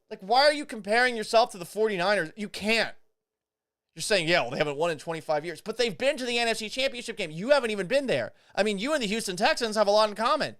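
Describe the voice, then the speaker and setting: A male sports talk host ranting with disbelief and the odd curse. His voice sits a little high and swings widely in pitch as he argues. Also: smooth. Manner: animated, profane, incredulous. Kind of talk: casual sports talk rant. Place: Houston.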